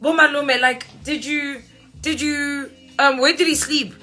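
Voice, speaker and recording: A woman tells a story on a live stream in an animated, swearing, unfiltered way, slipping into her friends' voices. Her voice sits a little high and sounds bright and sharp. Faint music plays behind the phone mic. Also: a little slow. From South Africa. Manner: animated, swears freely, acts out friends' lines. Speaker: livestream host.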